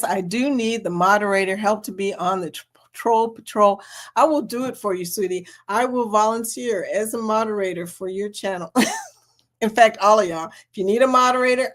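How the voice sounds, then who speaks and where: A middle-aged woman hosting a casual livestream, reading the chat and talking with viewers in an animated way, laughing often and calling them girl and y'all. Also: mid-range voice, moderate pace.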